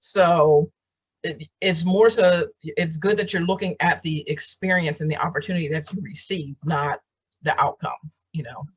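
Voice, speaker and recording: Husky woman hosting a video chat. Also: low-pitched, normal speed. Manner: encouraging, many fillers and restarts. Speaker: program host. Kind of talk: casual chat.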